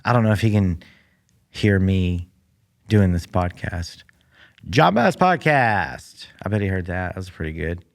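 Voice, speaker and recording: Solo comedy host, man with a deep, raspy-fry voice; dry, meandering, filler-heavy. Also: little pitch movement, moderate pace, darkish tone. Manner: rambling, dry, many fillers. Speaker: podcast host. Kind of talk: casual comedic monologue. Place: room in a public library. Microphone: studio mic that picks up the room.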